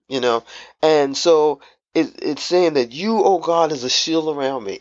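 A man preaching a devotional sermon, slow and emphatic, repeating key phrases. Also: fairly high pitch, no echo, highs cut off.

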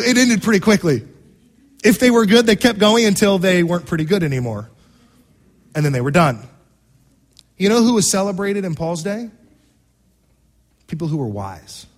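A man preaching a sermon as pastor, asking the congregation questions and swinging between loud exclamations and hushed lines. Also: sits high.

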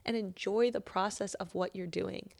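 A young woman giving a casual motivational talk, full of "like," that turns into a gentle guided breathing exercise. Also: mid-range voice, steady tone, normal speed, gravelly. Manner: chatty, says "like" often, drops to soft near-whisper in guided parts. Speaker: host.

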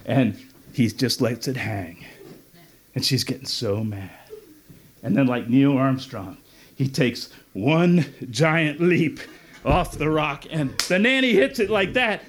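Animated high-voiced male storyteller. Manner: animated, punchy, acts out voices. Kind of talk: live comedic storytelling. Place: festival stage before an audience.

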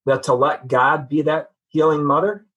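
Husky-voiced man telling his story. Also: fairly high pitch, fairly even intonation, normal speed, a bit bright, highs cut off. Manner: earnest, reflective storytelling. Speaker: podcast guest. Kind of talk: personal testimony in conversation.

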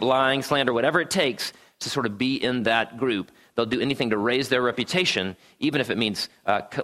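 A man's voice: mid-range voice, pushed and bright. A man preaching a sermon to a room in a conversational way, often checking in with "right?" and adding wry asides. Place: church gathering room.

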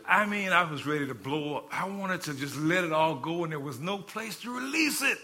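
A male pastor and hospital chaplain telling a personal story in a sermon, swinging from quiet, low passages to loud, fervent peaks. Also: lively intonation, normal speed. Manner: dynamic, rising to loud fervent peaks then dropping low.

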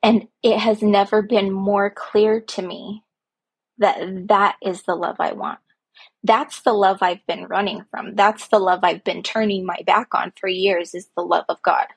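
A woman talks slowly in a personal, reflective monologue, her voice a little husky. She speaks earnestly from the heart and leans on repeated phrases for emphasis. She sounds like a parent speaking about her own life. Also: medium pitch, little pitch movement. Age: young adult to middle-aged, a parent. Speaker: podcast host.

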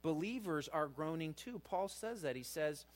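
A middle-aged man delivers a sermon from the pulpit with earnest conviction. His voice sits a little high for a man and lifts louder whenever he drives a point home. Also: animated, moderate pace. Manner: earnest, rises in pitch and volume for emphasis. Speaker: pastor.

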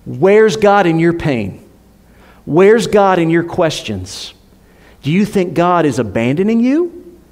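A man preaching a sermon to a congregation, emphatic, climbing on rhetorical questions and dropping soft for effect. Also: fairly high pitch, very animated, takes it slowly. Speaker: pastor. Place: church.

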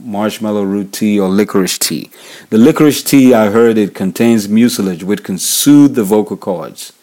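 A man's voice: on the low side, moderate pace, warm tone. A man from Nigeria with a Nigerian accent, hosting a worship leader podcast and giving casual advice, often repeating his key points. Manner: repetitive, restates key points, frequent fillers. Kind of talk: casual instructional talk.

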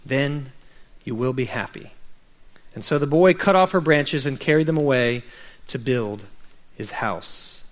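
A man pastor reading a children's story aloud and then preaching a sermon. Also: on the high side. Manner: reads a story aloud gently, then preaches with rising urgency.

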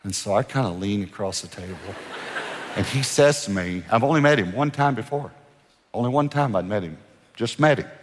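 Man, pastor, animated sermon storytelling, fairly low voice, long church reverb. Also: moderate pace, noisy background. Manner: animated storyteller acting out dialogue.

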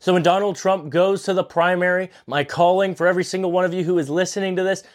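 A man's voice: sits high, steady tone, fast. Earnest young man pleading on a podcast. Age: 20s. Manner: earnest, pleading, repeats himself for emphasis. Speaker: podcast host. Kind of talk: impassioned political monologue.

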